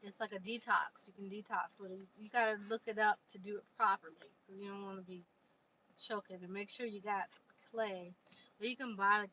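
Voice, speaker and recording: A woman's voice: mid-range voice, pushed and bright. A woman casually chatting on a livestream, answering viewer comments and reading aloud from a book. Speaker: livestream host. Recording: dull lo-fi stream audio with faint noise.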